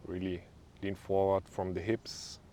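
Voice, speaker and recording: A young man with a German accent leading a guided stretching class in a calm, easygoing way with small joking asides. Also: sits low, measured pace, slight background noise. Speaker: yoga instructor.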